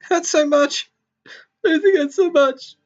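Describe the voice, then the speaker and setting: A man voicing a cheerful but fragile young girl from a game, speaking high and wavering as if near tears. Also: animated, a little fast, muffled recording, faint music behind. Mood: tearful.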